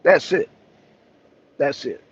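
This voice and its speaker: A man hosting a casual political talk show, speaking emphatically with a caller, repeating himself and restarting sentences often. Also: slow. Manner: emphatic and repetitive, with frequent restarts. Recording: dull lo-fi sound.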